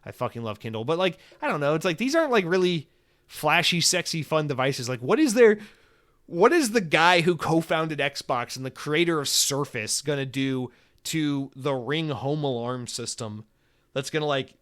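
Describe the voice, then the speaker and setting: A man's voice: on the high side, animated, normal speed, a bit bright. Young guy ranting on his solo gaming podcast, swears a ton, sarcastic, rambles all over. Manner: acts out quoted voices mid-rant. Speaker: podcast host.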